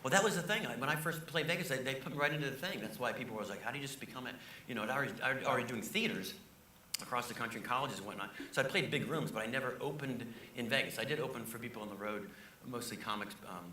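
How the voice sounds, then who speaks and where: A middle-aged man, a comedian guest, telling animated anecdotes and laughing as he talks. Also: medium pitch, slight background noise. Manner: fast, excitable, laughing anecdotes. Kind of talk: animated storytelling. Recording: echoey room, distant mic.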